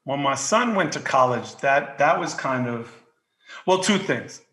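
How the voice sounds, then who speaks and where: A man in his fifties from Queens with a New York accent, telling stories in casual podcast chat, swearing freely and shouting when worked up. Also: medium pitch, animated, measured pace. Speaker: guest.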